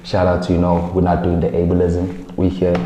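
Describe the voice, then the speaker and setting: A South African man hosting a show, talking bluntly and with animation, swearing and making quick asides. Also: low voice, monotone, dark tone, a little hiss or hum. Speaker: podcast host. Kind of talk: casual opinion chat. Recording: echoey room with long reverb.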